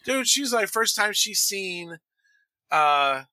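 A man from the American Midwest hosting a sports podcast, chatting in a rambling, profane, relaxed way. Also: sits high, slow pace, no echo. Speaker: podcast host. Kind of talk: casual sports chat.

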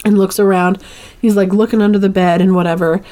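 A woman's voice: mid-range voice, a little fast. A woman co-hosting a podcast, retelling a movie plot in a loose, chatty way full of "like" and acted-out lines. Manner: animated retelling with lots of "like", acting out characters' lines. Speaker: podcast co-host. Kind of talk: casual movie recap.

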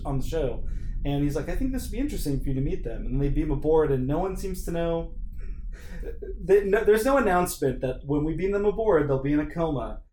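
A man hosting a podcast in casual chat, animated and acting out bits of scenes as he talks. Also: on the high side, slight background noise. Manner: animated, acts out lines from scenes. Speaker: podcast host. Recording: echoey room.

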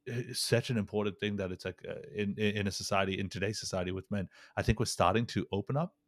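A man's voice: on the low side, steady tone, quick pace, no room sound. A man hosting a podcast, telling stories casually with rambling restarts and lots of "like". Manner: rambling storytelling with frequent restarts and "like". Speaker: podcast host. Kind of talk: casual conversational interview.

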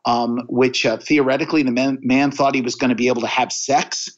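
A man's voice: medium pitch, steady tone, a little fast. Earnest man telling stories, lo-fi. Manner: earnest, anecdotal, often restarts phrases. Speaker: podcast guest, sales coach. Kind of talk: conversational interview storytelling. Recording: dull lo-fi audio.

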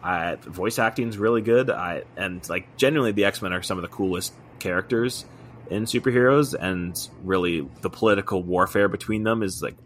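A young man co-hosting a podcast, chatting in an easygoing way with quick asides. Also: deep voice, a little hiss or hum. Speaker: podcast co-host. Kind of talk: casual chat.

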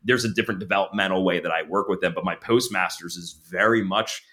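A middle-aged counselor supervisor, guest on a casual podcast chat, tells candid, animated stories and restarts his sentences often. He speaks fast in a low-pitched voice.

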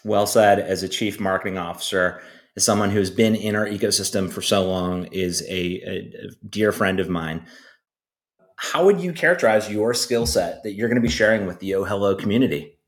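A man's voice: lowish voice, normal speed. A man hosting a podcast, asking questions in a playful, joking way. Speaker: podcast host. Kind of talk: casual podcast interview.

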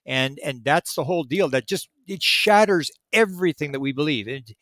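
A man's voice: fairly high pitch, expressive, moderate pace, a bit bright, dry recording. Man rambling through restarts, dry sound. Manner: rambling, frequent restarts and repeated words. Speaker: podcast guest. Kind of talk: casual conversational explanation.

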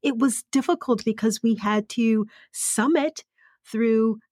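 A woman's voice: fairly high pitch, slow pace, darkish tone, dry recording, clean studio sound. A woman co-hosting a podcast, speaking encouragingly about pushing through hard things in casual chat. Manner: encouraging, motivational, lots of listening murmurs. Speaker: podcast co-host.

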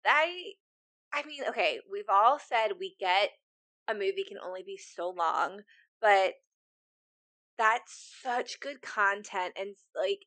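A woman co-hosting a casual podcast chat, expressive and quick to react with gasps and groans. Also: medium pitch, no room sound. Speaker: podcast co-host.

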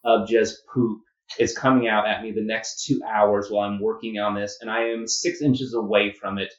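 A man's voice: lowish voice, level tone, normal speed. A man who trained as a doctor, telling a work story with wry laughs in casual chat. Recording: echoey, dull room sound.

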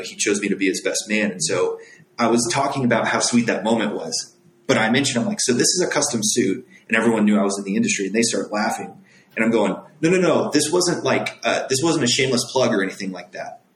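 A man's voice: lowish voice, slight background noise. A young man in his twenties, a made-to-measure clothier, telling a personal story in an earnest, rambling way with lots of fillers. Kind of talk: casual storytelling. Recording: echoey room.

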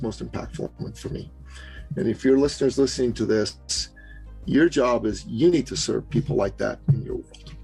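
A man from Canada, a business coach, telling an animated story as a podcast guest and acting out the voices of the people he quotes. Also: medium pitch, vocal fry, slightly rough, poor audio. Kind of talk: storytelling interview.

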